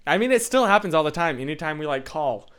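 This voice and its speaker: A man's voice: fairly high pitch, expressive, quick pace, a bit bright, smooth. A young man hosting a casual livestream, chatting and reacting to viewer comments in a rambling way, full of tangents and fillers. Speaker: livestream host.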